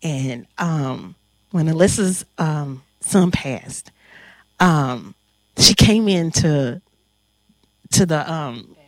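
A woman hosting a talk on grief, telling a personal story in a heartfelt, animated way with frequent pauses. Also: low-pitched, no room sound. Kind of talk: emotional storytelling.

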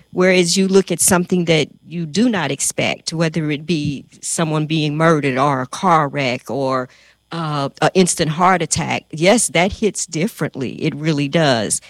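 Hospice worker lady answering on a panel, calm and steady, dry close sound. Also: sits low, dry recording. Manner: calm, explanatory, measured.

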